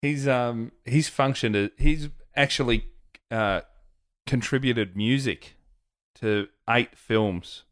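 Male podcast co-host, average pitch, playful quips, dry close sound. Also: slow, a bit bright, no echo. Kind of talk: comedic podcast banter.

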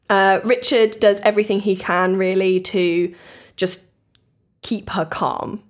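A woman's voice: medium pitch, steady tone, takes it slowly. A woman hosting a true crime podcast, chatting casually and telling the story with acted-out quotes. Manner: chatty, laughs often, acts out quotes.

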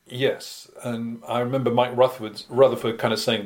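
A man's voice: mid-range voice, little pitch movement, moderate pace, hardly any pauses. A man from Britain, a guest musician in a casual interview, telling anecdotes in a wry, self-deprecating way.

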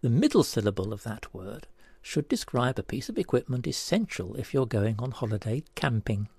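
A man presenting a scripted word puzzle, deliberately spelling out each step. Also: medium pitch, big pitch swings, creaky, a little mellow, slightly rough, no echo.

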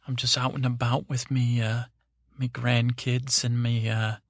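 A man's voice: medium pitch, level tone, measured pace, no echo, clean studio sound. A man voicing a chatty older male tourist out with his grandkids, talking in a rambling, hesitant way.

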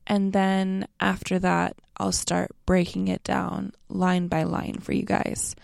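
A young American woman explains a lesson in a slow, relaxed and friendly way. Her voice has a strong gravelly fry and a mellow, warm tone. The recording is close and dry. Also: lowish voice, dry recording. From North America. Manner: slow, relaxed and friendly, addresses listeners as you guys. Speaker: language teacher.

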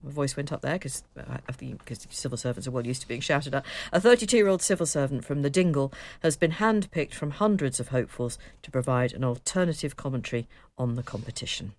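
A woman's voice: a bass voice, a little fast, few pauses, a little mellow, dry recording. Wry woman co-hosting. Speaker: co-host. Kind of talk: casual chat.

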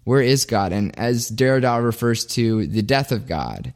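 A man hosts his own show and comments on a clip in a relaxed, chatty manner. His voice sits in an ordinary middle range. He often breaks off for self-deprecating asides. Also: medium pitch, measured pace. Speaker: podcast host. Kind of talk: casual commentary.

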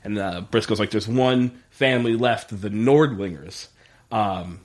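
A man's voice: on the low side, a little slow. A man co-hosting a casual podcast, recapping a TV episode, swearing freely, laughing often and acting out lines from scenes. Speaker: podcast co-host.

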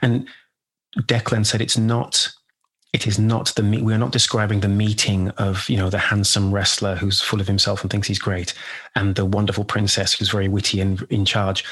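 A man being interviewed as a guest actor, telling a story in a halting, reflective way and acting out the quotes. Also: fairly low pitch, little pitch movement, a bit bright, breathy edge.

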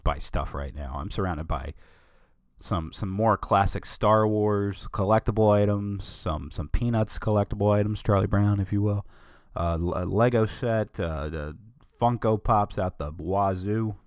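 A man's voice: on the low side, unhurried, no echo, clean studio sound. A man hosting a solo show, talking casually in a rambling, opinionated way with many digressions. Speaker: podcast host.

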